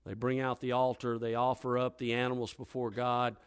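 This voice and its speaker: A male preacher retelling a scripture story in a lively, dramatic sermon style. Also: medium pitch, moderate pace, hardly any pauses, clean tone. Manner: lively, dramatic retelling with wide swings in loudness.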